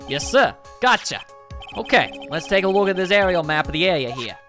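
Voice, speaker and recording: A man voicing an eager, slightly dim male police detective who answers "yes, sir" loudly. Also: high-pitched, sing-song, a little fast, soft background music, exaggerated voice.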